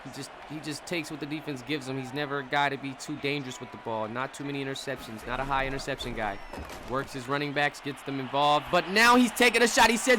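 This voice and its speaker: A young man doing casual, laughing live commentary on a simulated football game, breaking into shouts at big plays. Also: medium pitch, quick pace, noisy background.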